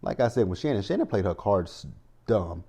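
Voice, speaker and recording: A man's voice: lowish voice, sing-song, moderate pace, mellow, husky. A man giving a chatty, rambling recap of a TV episode, full of asides. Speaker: TV show recap vlogger. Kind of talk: casual recap commentary.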